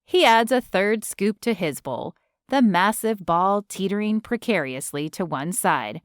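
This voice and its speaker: Woman, audiobook narrator, first-person story, animated pitch, dry close mic. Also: unhurried, clear, resonant tone, no echo.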